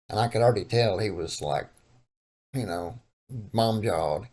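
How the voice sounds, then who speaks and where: A man's voice: deep voice, expressive, unhurried, long pauses, darkish tone, husky. A man from Texas with a Texan accent, telling a story to his viewers in a laid-back, meandering way. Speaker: vlogger. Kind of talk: casual storytelling.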